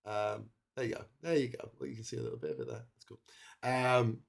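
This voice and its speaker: A middle-aged man chats loosely to his livestream viewers, with a cold in his voice. He rambles, stops and restarts his sentences, and fills the gaps with ums and uhs. His voice sits in an ordinary middle pitch. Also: sing-song, quick pace, vocal fry. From England. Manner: rambling, many fillers and restarts. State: has a cold. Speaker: livestream host. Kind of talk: casual livestream chat.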